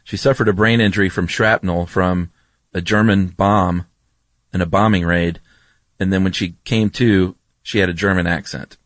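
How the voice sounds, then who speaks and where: Podcast co-host: man, lowish voice, chatty and explanatory, dry close recording. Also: fairly even intonation, normal speed, fairly bright tone, no room sound. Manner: chatty and explanatory, with frequent ums. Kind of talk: casual chat.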